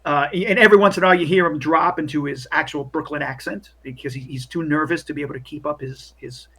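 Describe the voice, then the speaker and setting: A man's voice: a little high, quick pace, bright, forceful tone, breathy edge. A man narrating as game master in a casual, rambling way with many fillers.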